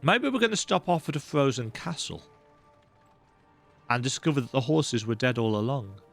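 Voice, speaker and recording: A man's voice: mid-range voice, animated, moderate pace, creaky, a bit bright, soft background music. A man giving casual gameplay commentary, full of wry, joking asides. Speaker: let's play host.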